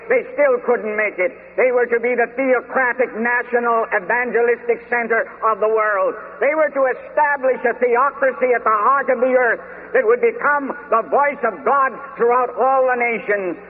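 A man preaching in a deliberate, emphatic way, leaning hard on key words. His voice sits high, and it comes through a tinny, phone-like old recording with a long echo from a large hall and faint hiss. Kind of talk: sermon.

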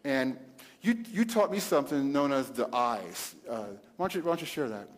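A middle-aged man hosting a casual talk about marriage, quoting scripture, animated with loud bursts and frequent laughs. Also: mid-range voice, moderate pace. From Italian heritage. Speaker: pastor and host. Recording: long hall reverb.

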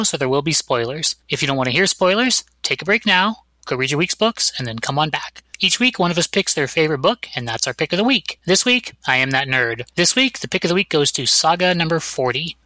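A man's voice: on the high side, pushed and bright, dry recording, poor audio. A man hosting a comics review podcast in casual, enthusiastic chat, with lots of "like" and "you know". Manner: enthusiastic, chatty, many fillers. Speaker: podcast host.

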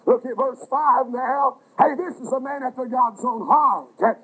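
A preacher delivers a fervent sermon in a strikingly high, husky voice. He cries out with emotion and fills every pause with "uh". His delivery is passionate and earnest. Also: a bit bright, rough recording. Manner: fervent, breaks into cries, many "uh" fillers.

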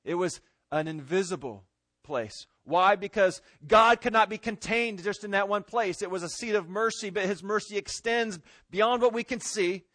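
A pastor preaching a sermon and reading scripture, swinging between loud emphatic stress and hushed pleading. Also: male voice, sits high, normal speed, no room sound.

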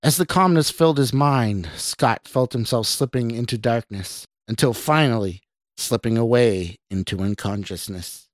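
A man, the podcast host, reading his own horror story in a measured, steady way. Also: medium pitch, dry recording, studio quality. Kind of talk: scripted horror narration.

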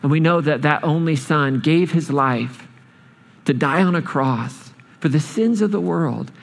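Animated male preacher in a reverberant hall. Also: a little high, vocal fry. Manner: animated storytelling, speeding up and slowing down. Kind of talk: sermon.

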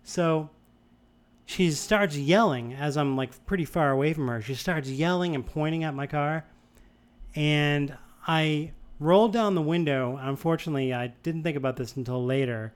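Smooth-voiced man telling a story. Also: on the high side, moderate pace. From Boston area, USA. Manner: rambling, animated storytelling with many restarts. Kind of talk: casual chat.

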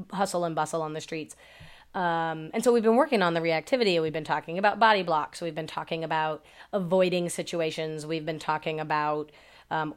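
A woman dog trainer chats casually on a podcast, her voice sitting a little low. She tells stories in a loose, profane way, swearing freely and leaning on "like" and "um". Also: clean tone. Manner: profane, chatty storytelling with many fillers.

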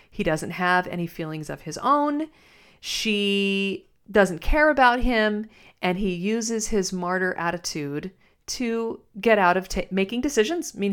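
Woman podcast host, reflective talk, halting delivery. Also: mid-range voice, clear, resonant tone. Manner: thoughtful, halting, many restarts. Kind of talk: reflective spoken commentary.

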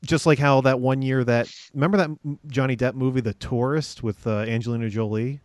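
A man's voice: mid-range voice, fairly even intonation, brisk, a little mellow, no echo. A man co-hosting a podcast in casual chat, hesitant, with many ums and restarts. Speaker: podcast co-host.

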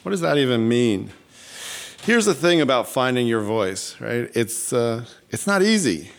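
A man's voice: medium pitch, sing-song, a little slow, gravelly. Chatty man hosting a live stage show. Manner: chatty and self-deprecating, reading out cards. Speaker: show host. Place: stage before a live audience.

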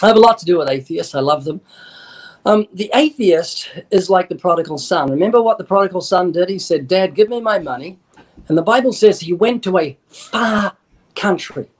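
A man speaks as an evangelist in a radio interview. His voice sits a little high, and he explains with earnest, emphatic conviction. He quotes scripture and slips into short acted-out dialogues as he makes his points. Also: expressive, brisk, slightly rough. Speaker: evangelist guest.

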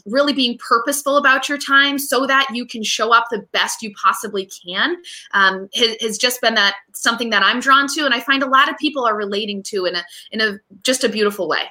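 Woman, thirties, talkative guest, fillers and restarts, bright tone. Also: a little high. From United States. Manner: animated, chatty, frequent fillers and restarts. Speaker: guest, real estate agent and mom. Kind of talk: casual interview chat.

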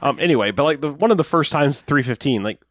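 A man's voice: medium pitch, expressive, fast, a bit bright, dry recording, clean studio sound. A man hosting a podcast, recapping a horror film in casual, sarcastic chat with swearing. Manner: wry, sarcastic, swearing, acts out quotes. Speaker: podcast host.

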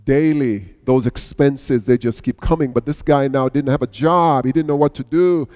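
A middle-aged male pastor preaching a sermon, telling a story with sudden swings between hushed and raised passages. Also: mid-range voice, normal speed. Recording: long hall reverb.

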